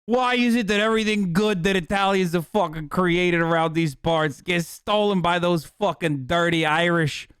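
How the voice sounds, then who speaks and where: A man voicing a complaining male New Jersey Italian-American with a put-on New Jersey accent, talking slow and drawn-out. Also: high voice, fairly even intonation, fairly bright tone, smooth, dry recording, clean studio sound. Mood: grumbling.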